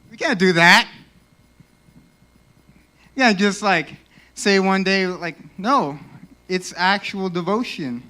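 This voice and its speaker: A young man giving a casual, animated youth sermon in a church, peppered with "like," and a little out of breath. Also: high-pitched, slow pace, long pauses. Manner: casual, animated, lots of 'like'. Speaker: youth speaker.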